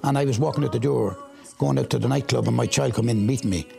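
A man's voice: medium pitch, fast talker, gravelly, mellow, faint music behind. A middle-aged Irish man recounts his own past in an interview, acting out the things people said. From Ireland. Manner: vivid storytelling, acts out quoted talk. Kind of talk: personal testimony.

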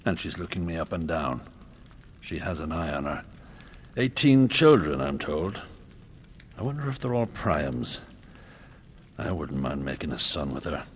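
A man's voice: extremely low pitch, very animated, measured pace, pauses often, a little hiss or hum, exaggerated voice. An actor playing a brutal, lecherous warrior king, talking in a crude, leering, menacing way. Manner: crude, leering, menacing first-person monologue. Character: brutal, lecherous, swaggering warrior king, middle-aged man.

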